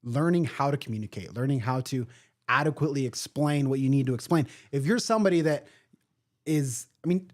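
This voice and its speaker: Appearing as a guest in a casual podcast interview, an event organizer speaks at a brisk clip in a medium-pitched voice. He's emphatic, repeating important words to add weight.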